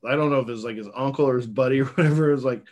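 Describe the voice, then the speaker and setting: A man's voice: medium pitch, racing, a little mellow. A man in a casual chat who rambles with lots of fillers and laughs often while he tells a story.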